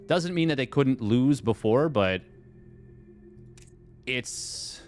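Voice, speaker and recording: Over soft background music, a male esports caster covers a strategy game tournament on a live stream, reading and answering chat as he rambles through fillers and restarts. His medium-pitched voice is animated but slow, with a darkish tone.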